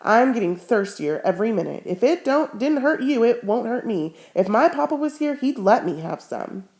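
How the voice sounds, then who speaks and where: A woman's voice: fairly high pitch, very animated, normal speed, darkish tone, voice pushed up. A woman reading aloud the lines of a curious, stubborn ten-year-old girl in a storybook, asking question after question. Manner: eager, persistent questioning.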